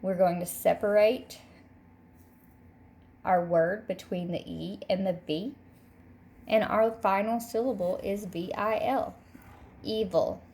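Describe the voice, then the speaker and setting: A woman teacher leads a recorded phonics lesson for young children. Her pitch sits mid-range, and she speaks at an unhurried, deliberate pace. She repeats each word slowly so the class can follow. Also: fairly even intonation, a little mellow. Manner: slow, patient, repeats each word twice. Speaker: third grade teacher.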